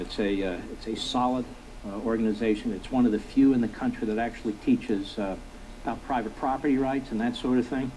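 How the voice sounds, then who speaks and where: A man's voice: medium pitch, background noise. A middle-aged man hosting a political commentary monologue, emphatic and repetitive, firing rhetorical questions at his listeners. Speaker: talk show host.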